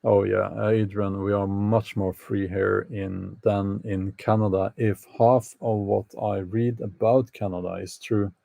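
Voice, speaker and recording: Man, slow gravelly voice, dark tone, dry close sound, casual stream host. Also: lowish voice, level tone, no echo, highs cut off. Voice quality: gravelly, hesitant with many fillers. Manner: laughs often, wry and opinionated. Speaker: channel host answering live chat. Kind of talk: casual live-stream chat.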